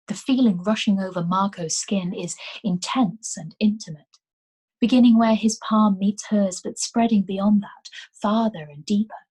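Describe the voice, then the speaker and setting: A woman reading a novel aloud as a storyteller, in a gentle, unhurried way, at home. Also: medium pitch, slightly rough. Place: home, during lockdown.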